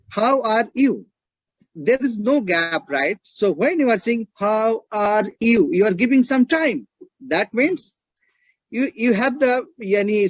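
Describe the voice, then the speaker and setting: A lecturer with an Indian accent speaks in a fairly high, husky voice. He talks emphatically, circling back to his points and checking in with the class. The recording is dull and dry, with little room sound. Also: no echo.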